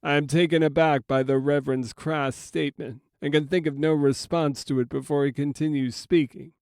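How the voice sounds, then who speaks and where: Man reading a period audiobook, smooth clear voice, slow solemn delivery, dry close mic. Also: fairly high pitch, fairly even intonation, darkish tone, dry recording. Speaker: audiobook narrator and author. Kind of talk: first-person audiobook narration.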